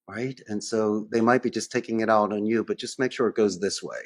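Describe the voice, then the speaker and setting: Animated man acting out phone calls. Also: on the low side, a little fast. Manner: animated, acts out phone calls in different voices. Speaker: podcast guest, call center owner. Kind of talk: conversational interview.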